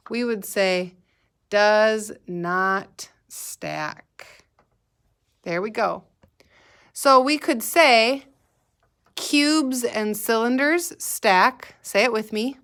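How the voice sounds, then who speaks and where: A woman's voice: fairly high pitch, fairly bright tone. A woman teaching a kindergarten math lesson, speaking patiently and asking the children to repeat words after her. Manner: slow, patient, sing-song prompting for children to repeat. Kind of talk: recorded remote lesson.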